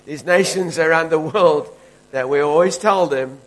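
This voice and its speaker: A man's voice: on the high side, normal speed, rough recording. A man from Africa, preaching a fervent, emphatic sermon as pastor. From South Africa.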